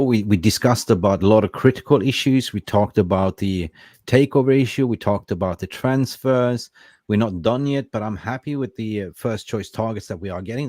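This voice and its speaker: Excitable man hosting football chat. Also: on the low side, no echo, studio quality. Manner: excitable, swears freely, tag questions like "right?". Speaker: podcast host.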